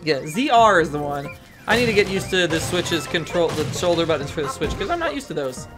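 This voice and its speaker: A woman's voice: fairly low pitch, big pitch swings, fairly quick, over music. A woman hosting a let's play, giving chatty, rambling and self-mocking commentary over gameplay.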